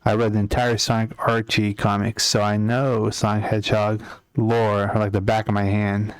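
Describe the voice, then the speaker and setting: A man's voice: lowish voice, flat delivery, moderate pace, clear, resonant tone, dry recording, studio quality. A young man casually chatting with his chat while drawing on a live stream, rambling and answering comments as he works. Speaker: art streamer.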